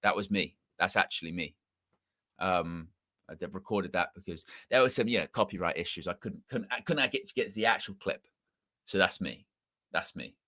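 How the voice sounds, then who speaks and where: A man with a mixed English accent hosts a casual football fan live stream. His voice sits a little low but comes across bright and forceful. The sound is dry and close, and he rambles, repeating and correcting himself as he talks. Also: normal speed, dry recording. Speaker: football channel host.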